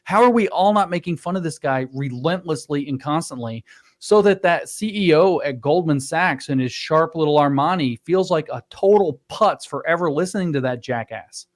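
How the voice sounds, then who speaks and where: A man in casual podcast chat, ranting in an animated, mocking way and swearing freely. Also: on the high side, moderate pace. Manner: animated, profane, mocking rants. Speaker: podcast panelist.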